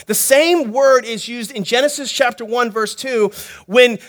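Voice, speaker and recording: A male pastor preaching a sermon in an animated, playful way, joking and asking the congregation questions. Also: very high voice. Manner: animated, playful preaching with jokes and acted-out quotes.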